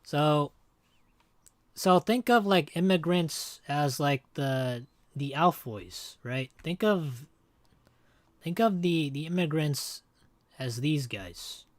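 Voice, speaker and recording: A man's voice: a little high, slow, no echo. A man streaming a game, chatting casually and jokingly with his viewers in a rambling way. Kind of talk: casual livestream chat.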